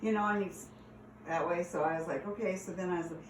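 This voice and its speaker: A woman telling stories from her past in a casual, animated way, laughing and acting out the lines. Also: lowish voice, quick pace, a little hiss or hum. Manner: animated, laughing, acts out quotes. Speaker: storyteller. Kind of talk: casual storytelling. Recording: echoey room, distant mic.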